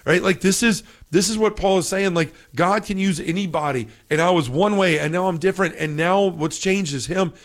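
Brief: fervent man, slightly high voice, faith podcast talk, repeats scripture. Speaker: podcast speaker. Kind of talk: faith reflection.

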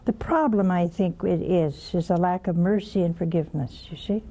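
A woman's voice: lowish voice, normal speed, dark tone. An older woman hosting a religious call-in show, preaching emphatically, scolding and mocking. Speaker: religious TV host taking calls.

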